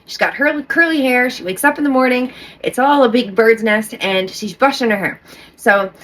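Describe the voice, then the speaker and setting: A woman's voice: on the high side, normal speed, a bit bright. A middle-aged woman talking casually to camera as a vlogger, rambling with restarts and often checking in with "okay?".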